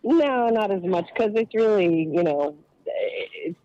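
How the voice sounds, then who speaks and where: On a dull-sounding phone line, a woman rings into a podcast from work, speaking casually in a medium-pitched, mellow, animated voice at a slow pace. The cannabis activist comes across as hesitant, thinking out loud with many fillers and small laughs.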